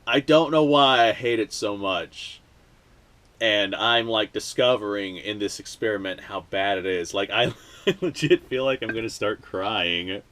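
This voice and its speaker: A man's voice: on the low side, unhurried, fairly bright tone. A man hosting a casual vlog, rambling with lots of filler words, laughing easily and cursing now and then. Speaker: video host.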